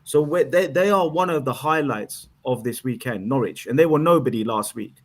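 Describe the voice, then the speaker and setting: Excitable laughing man calling in. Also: medium pitch, normal speed. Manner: excitable, laughing, repeats himself. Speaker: caller. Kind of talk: casual fan chat.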